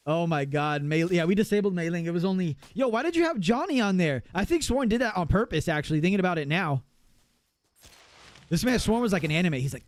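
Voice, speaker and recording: A man chatting casually on a live gaming stream, excitable and profane, laughing often. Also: high-pitched, fairly quick, no echo.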